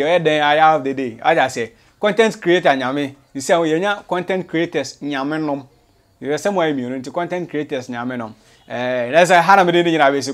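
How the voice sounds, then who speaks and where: A Ghanaian man hosting an entertainment channel, chatting in a mix of Twi and English. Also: on the high side. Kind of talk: channel commentary.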